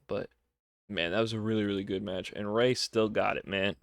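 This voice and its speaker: Excitable young man, dry close mic. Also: on the low side, moderate pace, gravelly, clear, resonant tone, no room sound. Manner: enthusiastic, repeats words for emphasis. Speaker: wrestling show reviewer. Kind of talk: casual solo review.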